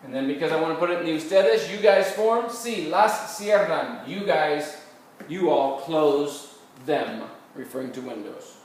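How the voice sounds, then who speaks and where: Man teaching Spanish in an echoey room. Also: fairly high pitch. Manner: patient step-by-step explaining, models Spanish phrases slowly. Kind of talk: recorded classroom lecture. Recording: very echoey room, mic far off, faint noise.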